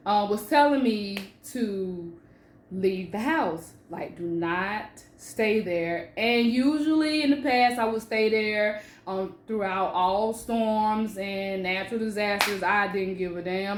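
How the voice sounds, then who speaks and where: A woman author sharing a personal story with emphatic, animated delivery, then reading from her book. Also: medium pitch, a little slow, a little hiss or hum. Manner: emphatic and animated, with swings in loudness. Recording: echoey room.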